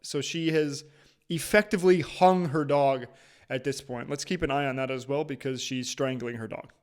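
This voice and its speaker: A man's voice: medium pitch, steady tone, moderate pace, smooth. A man giving casual, emphatic reaction commentary on a video clip, with restarts now and then.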